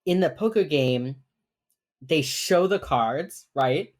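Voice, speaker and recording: A woman's voice: sits low, expressive, takes it slowly, a little mellow. A woman co-hosting a podcast, rambling through a TV episode recap, swearing casually and laughing often. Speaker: podcast co-host.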